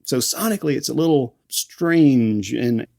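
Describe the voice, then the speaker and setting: A man's voice: mid-range voice, lively intonation, measured pace, creaky, darkish tone. A man co-hosting a film podcast, talking in a rambling, enthusiastic way and laughing often. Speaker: podcast co-host. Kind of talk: casual film discussion podcast.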